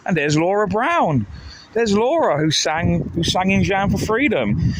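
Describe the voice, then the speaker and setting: A man's voice: high-pitched, expressive, measured pace, low-quality recording. A man, live-streaming a casual, rambling story with jokes and lots of restarts. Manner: rambling and jokey, with many restarts. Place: outdoors on town streets. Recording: outdoor street noise. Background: traffic and street ambience.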